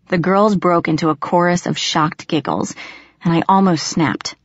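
A woman with a fairly low voice reads a first-person audiobook in a steady, expressive way. The recording is dry and close, with a slightly dull, lo-fi tone. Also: normal speed, dry recording. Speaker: audiobook narrator.

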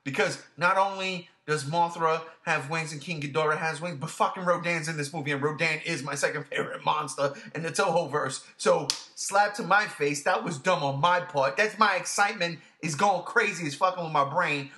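A man hosting a casual podcast, gushing with excitement, swearing freely and repeating himself. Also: a little high, moderate pace, hardly any pauses. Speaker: podcast host.

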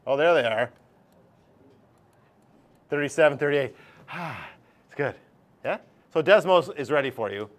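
A middle-aged man teaching a math class, lively and joking, acting out his students' voices. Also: a little high, unhurried, pauses often. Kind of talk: classroom lecture.

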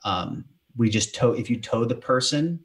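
A man's voice: medium pitch, animated, moderate pace. A man hosting a casual podcast chat, explaining a technique step by step. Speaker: podcast host, rescue swimmer.

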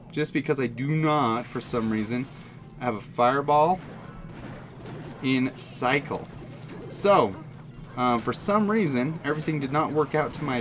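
A man giving excited, jokey running commentary on his own mobile game, talking straight to his viewers. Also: mid-range voice. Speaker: gaming channel host. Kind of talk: live gameplay commentary.

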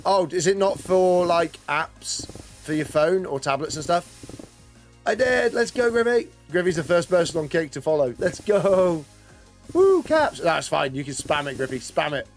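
Chatty male game streamer, a touch high-pitched, loose and rambling, faint music underneath. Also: normal speed. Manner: chatty, rambling, greets and answers chat, laughs often. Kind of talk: casual live-stream commentary.

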